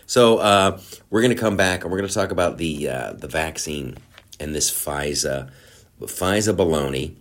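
A man's voice: rumbling low, animated, normal speed, loud music behind the voice. A male host rambling through a casual, sarcastic comedic monologue, with many restarts. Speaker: show host.

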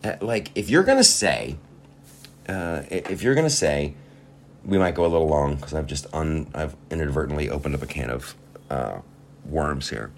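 Low-voiced guy doing a sarcastic profane podcast rant, swoops up and down a lot. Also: animated, normal speed, creaky, a little hiss or hum. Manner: profane, sarcastic, with laughing asides. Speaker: podcast host. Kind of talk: comedic rant. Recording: faint guitar music behind.

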